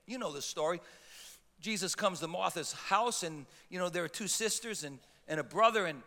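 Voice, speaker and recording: A man's voice: high-pitched, animated, normal speed, bright, forceful tone. A man pastor preaching a sermon with impassioned emphasis and frequent stammered restarts. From Italian heritage. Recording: long hall reverb.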